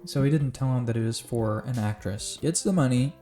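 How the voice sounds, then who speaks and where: A man recaps a movie in a loose, chatty way and keeps slipping in dry, sarcastic jabs. His voice sits at an ordinary middle pitch. Soft music plays underneath. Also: brisk. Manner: wry, sarcastic asides. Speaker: movie reviewer. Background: faint music.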